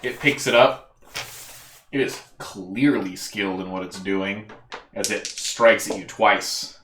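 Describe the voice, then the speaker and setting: A man running a tabletop game for friends as dungeon master, narrating the monsters' turns and explaining rules in a lively, laughing way. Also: lowish voice, slow pace. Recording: echoey room, faint noise.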